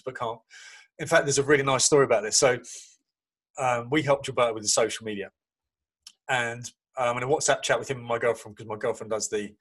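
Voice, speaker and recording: A man's voice: mid-range voice, slightly rough. A man, a podcast guest telling casual anecdotes and acting out other people's lines as he goes. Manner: lively storyteller acting out quoted dialogue.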